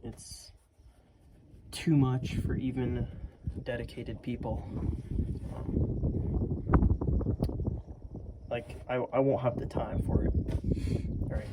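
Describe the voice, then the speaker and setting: A man giving a casual, earnest motivational talk to camera, rambling with many fillers and restarts. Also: mid-range voice. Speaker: self-improvement vlogger. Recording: loud vehicle noise behind.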